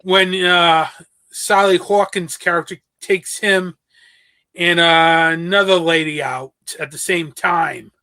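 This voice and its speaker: A man's voice: a little high, steady tone, slow, pushed and bright, clear, resonant tone. A male podcast host in casual chat, enthusiastic and repeating himself for emphasis.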